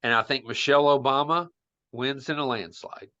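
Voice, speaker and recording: A man co-hosting a casual political chat, his voice bright and forceful. He talks with confidence and throws out bold predictions. The sound is dull and lo-fi. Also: medium pitch, moderate pace. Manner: opinionated, makes bold predictions. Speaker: podcast co-host.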